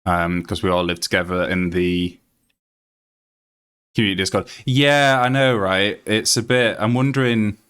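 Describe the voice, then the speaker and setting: Low-voiced Yorkshire man streaming a game. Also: steady tone, moderate pace, fairly bright tone, clear, resonant tone. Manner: chatty, rambling, reads aloud with many fillers. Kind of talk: casual live-stream chat.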